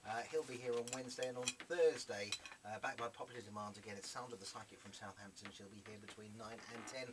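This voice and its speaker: Fast, chatty male radio host, a bit off-mic in a noisy studio. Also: lowish voice, recorded from a distance. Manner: chatty, rambling with fillers, eating while talking. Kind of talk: casual local radio chat.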